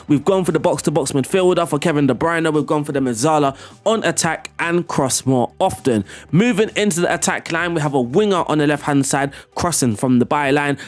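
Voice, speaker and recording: A man casually explaining football video game tactics and commentating on replays in an excitable, chatty way, laughing at himself. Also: a little high. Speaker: gaming YouTuber.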